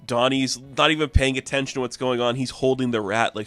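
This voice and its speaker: A man's voice: mid-range voice, steady tone, fairly quick, fairly bright tone, dry recording. A man giving a casual, enthusiastic spoken review of a comic book, with lots of filler words.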